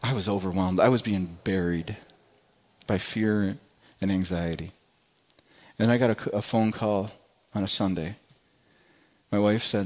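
A middle-aged man, a pastor, telling a personal testimony from the pulpit in a church, earnest and halting with frequent restarts. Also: on the low side, fairly even intonation, a little mellow. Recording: dull lo-fi recording.

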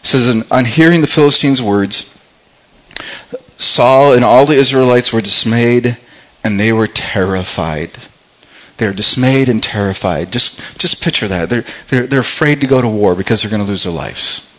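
A man's voice: medium pitch, moderate pace, a bit bright, poor audio. A man preaching a sermon, retelling a scripture story and acting out what its characters might say, often repeating words as he thinks aloud. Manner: acts out the characters' thoughts in dialogue.

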